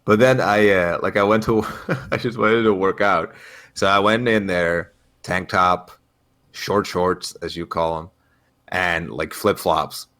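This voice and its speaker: A man's voice: sits low, steady tone, a little slow, a bit bright. A man co-hosting a casual podcast, telling stories with lots of fillers and frequent laughs. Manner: storytelling, laughs often, many fillers. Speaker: podcast co-host. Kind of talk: casual chat.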